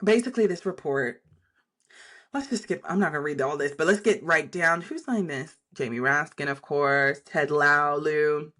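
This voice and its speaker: A woman's voice: sits low, moderate pace, fairly bright tone. A woman hosting a casual political commentary video, talking bluntly with plenty of swearing and wandering off on tangents. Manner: blunt and profane, drifts into tangents.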